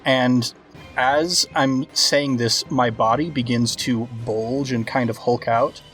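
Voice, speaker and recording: A man's voice: medium pitch, steady tone, slow, a bit bright, soft background music. A man playing a tabletop role-play game, plainly declaring his character's actions. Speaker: player.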